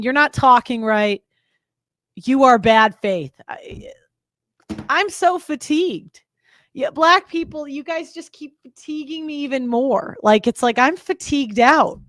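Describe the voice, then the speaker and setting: Exasperated woman, higher voice, dry sound. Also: a bit bright, no echo. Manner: exasperated, emphatic, with halting restarts. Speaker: commentary host reacting to clips. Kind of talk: casual reaction commentary.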